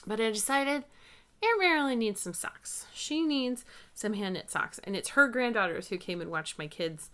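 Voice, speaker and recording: A woman in her thirties hosting a knitting podcast, chatting casually and telling family stories in a warm-hearted way. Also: a little high, lively intonation, moderate pace. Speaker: podcast host. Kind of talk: casual chat.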